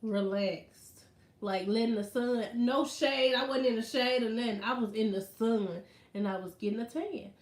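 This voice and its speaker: A woman vlogger in casual chat, telling stories in an animated, slangy way. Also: fairly high pitch, moderate pace. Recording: roomy echo.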